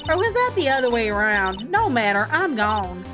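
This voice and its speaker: Brash folksy woman witness, loud and cocky, high and lively, read by a woman. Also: normal speed. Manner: boastful, folksy sayings. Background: game music.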